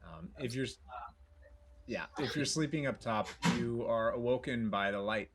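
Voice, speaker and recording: A man narrating a tabletop game as game master, relaxed and filling pauses with "um". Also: mid-range voice, faint music behind. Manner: relaxed, with frequent fillers.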